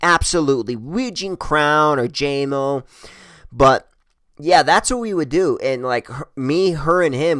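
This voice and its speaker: A man's voice: fairly high pitch, a bit bright, clean tone, dry recording. A man telling a personal story in a casual, rambling way, swearing a lot and joking crudely. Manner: profane, rambling, crude humor.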